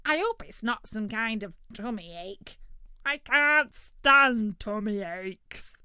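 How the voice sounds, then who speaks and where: A greedy, boastful male turkey who is never full, loud and cheeky, as a woman reader puts him on. His voice sits high and bright. The sound is close and dry, a storybook read aloud. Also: expressive, takes it slowly, clear, resonant tone, no echo, heavily acted. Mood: eager. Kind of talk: storybook character reading.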